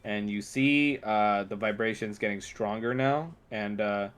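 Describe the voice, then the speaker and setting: Low-voiced man narrating a tabletop game. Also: a bit bright, clean tone. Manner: halting narration with frequent uh fillers. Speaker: game master.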